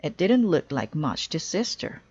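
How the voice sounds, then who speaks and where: A woman reading a children's storybook aloud in a clear, deliberate storytelling way. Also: sits low, sing-song, a little mellow, highs cut off. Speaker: storybook reader. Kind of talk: children's read-aloud narration.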